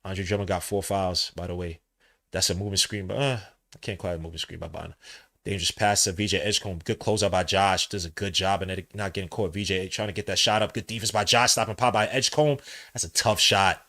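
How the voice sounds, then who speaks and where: A young man doing live watch-along commentary as a podcast host, trading muttered play-by-play for loud slangy outbursts. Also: low-pitched, fairly even intonation, fast talker.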